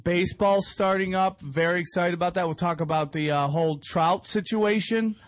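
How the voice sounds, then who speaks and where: Higher-voiced man in joking podcast banter. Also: normal speed, no echo. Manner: blunt, joking, profane banter. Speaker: podcast co-host. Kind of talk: casual chat.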